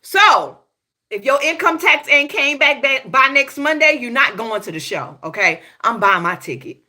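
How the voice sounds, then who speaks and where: This gossip show host, a Houston, Texas woman with a Southern accent, talks at a normal speed in a high, sing-song voice that sounds pushed and bright. Her monologue is casual and profane, full of laughing asides and "y'all" directed at viewers.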